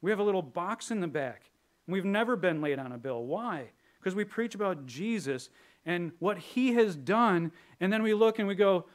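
A man preaching a sermon in a relaxed, conversational way, with a voice pitched a bit above the usual male range. He jokes with the congregation and sometimes drops into playful character voices. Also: moderate pace. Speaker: pastor.

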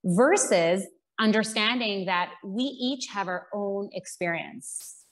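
A woman's voice: medium pitch, slow. A woman, a parenting coach and podcast guest, explaining her ideas earnestly and drawing on examples and quotes.

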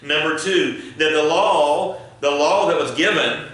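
A man's voice: on the high side, a little slow, a bit bright. A man preaching a sermon as pastor, building emphasis and leading prayer. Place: church sanctuary. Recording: echoey church hall, mic at a distance.

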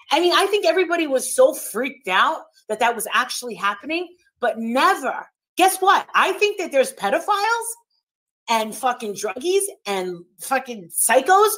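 A high-voiced woman hosts a livestream and rants in a heated, combative way. She swears constantly, talks over others and hammers her points home by repeating them. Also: a bit bright. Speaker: livestream host.

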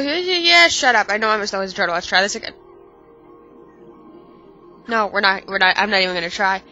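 Woman gamer, stuffy nose, sarcastic and swearing, bright voice, muffled lo-fi audio with faint music. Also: medium pitch, a little fast, pauses often. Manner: profane, exasperated, sarcastic. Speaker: let's play gamer. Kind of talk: casual game commentary.

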